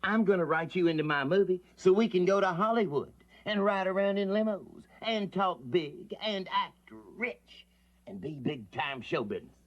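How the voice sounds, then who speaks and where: A man voicing a goofy, excitable adult bumpkin in a cartoon, eager and boastful with a rubbery, twangy delivery. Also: high voice, moderate pace, highs cut off. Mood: excited. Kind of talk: cartoon voice acting.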